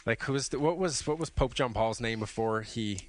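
A man's voice: medium pitch, normal speed. A man hosting a casual podcast, rambling and laughing as he tells stories and trails off mid-sentence. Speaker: podcast host.

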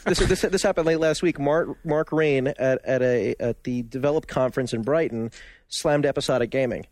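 A man co-hosting a casual gaming podcast and presenting the news segment, eager and quick with frequent restarts. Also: mid-range voice, darkish tone, dry recording. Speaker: podcast co-host reading news. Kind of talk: casual panel chat.

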